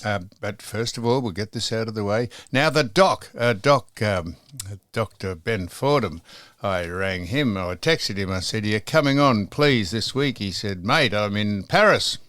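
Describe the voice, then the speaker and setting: A man's voice: fairly low pitch, expressive, a little slow, fairly bright tone, no room sound. An older Australian man hosting a podcast in casual chat, rambling with many ums and restarts. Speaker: podcast host.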